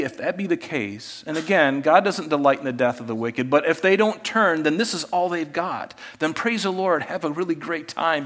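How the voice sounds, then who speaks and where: A man preaching a sermon, animated, swinging between loud emphasis and quiet asides. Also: fairly high pitch. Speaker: pastor.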